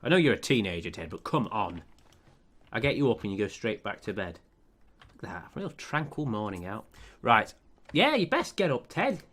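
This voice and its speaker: A man's voice: fairly low pitch, sing-song, moderate pace, fairly bright tone. A man commentating over a life-sim game, sarcastic and profane as he scolds the characters. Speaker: let's play commentator.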